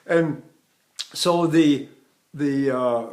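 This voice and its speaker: Older male voice teacher, high speaking voice. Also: normal speed, a bit bright. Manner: explanatory, digressive, with restarts. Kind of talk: vocal technique lesson with sung demonstrations.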